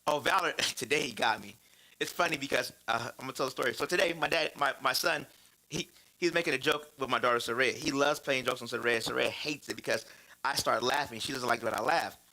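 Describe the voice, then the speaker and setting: Bright-voiced man preaching with lively stories. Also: medium pitch, fast, low-quality recording. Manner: animated, laughing, repeats phrases for emphasis. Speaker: church speaker on fatherhood.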